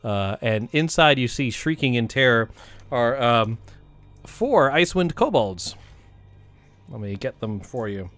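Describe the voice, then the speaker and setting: Chatty, laughing game master running a tabletop game. Wildly varied pitch, soft music underneath. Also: big pitch swings, a little slow, no echo.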